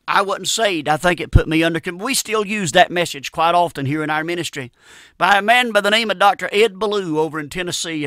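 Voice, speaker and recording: A man's voice: high voice, sharp tone, no echo, studio quality. A middle-aged man, preaching a sermon in an earnest, plain-spoken storytelling manner.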